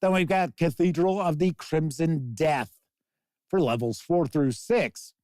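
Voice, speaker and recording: A man's voice: a little high, a little slow, darkish tone, dry recording. A man hosting a live tabletop gaming news stream, reading announcements and riffing on them in a chatty way while answering viewer comments. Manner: chatty, reads news then riffs on it, answers chat comments.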